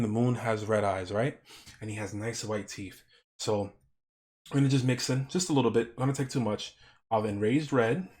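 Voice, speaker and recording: A man streaming as he paints, in a quiet, gentle painting-show parody with deadpan dark jokes. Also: mid-range voice. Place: home streaming setup.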